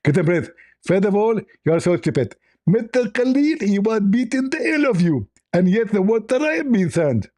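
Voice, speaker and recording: A man's voice: high-pitched, big pitch swings, moderate pace, darkish tone, voice pushed up. A man doing a pompous male preacher impression with a squeezed, strained voice and a preachy, condescending manner.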